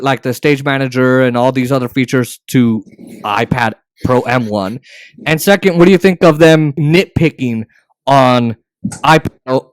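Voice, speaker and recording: A man's voice: mid-range voice, clean tone, no room sound. A man hosting a casual tech podcast, opinionated and sarcastic, often restarting his sentences. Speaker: podcast host.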